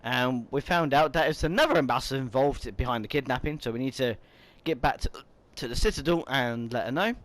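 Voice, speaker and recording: A man's voice: mid-range voice, brisk, few pauses, fairly bright tone, no room sound. A man casually commenting on his own game playthrough, chatty and rambling, bothered by hiccups as he talks. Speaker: gaming YouTuber. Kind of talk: casual let's-play commentary.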